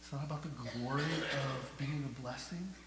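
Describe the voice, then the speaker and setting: A male pastor preaching a sermon, asking the congregation rhetorical questions and moving between hushed and loud delivery. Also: mid-range voice, normal speed. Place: church sanctuary. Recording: echoey church hall with faint hum.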